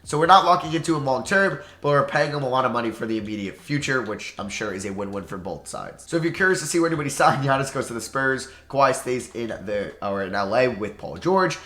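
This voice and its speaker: A man's voice: medium pitch, quick pace, few pauses. A man with a New York accent giving casual, chatty gameplay commentary, thinking aloud and poking fun at himself. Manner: chatty, excitable, self-deprecating, thinks aloud. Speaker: gaming YouTuber. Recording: roomy echo.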